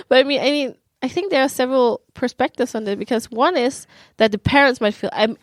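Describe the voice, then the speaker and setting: A woman with a slightly high voice hosts a casual talk, reflective and quick to laugh. She sounds close to the mic, and the sound is dry. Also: lively intonation, no room sound. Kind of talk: casual conversation.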